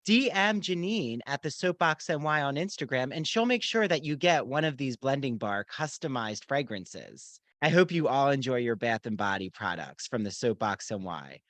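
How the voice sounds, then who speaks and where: A man's voice: medium pitch, lively intonation, moderate pace, few pauses, a bit bright, dry recording. A man hosting a podcast, reading sponsor ads in an upbeat, enthusiastic way. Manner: upbeat, enthusiastic promotional delivery. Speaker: podcast host. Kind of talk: read podcast ad.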